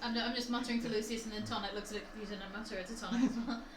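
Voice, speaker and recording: A woman playing a tabletop game, giggly and halting as she chats. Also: on the high side, steady tone. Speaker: player. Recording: echoey room, far from mic, noise.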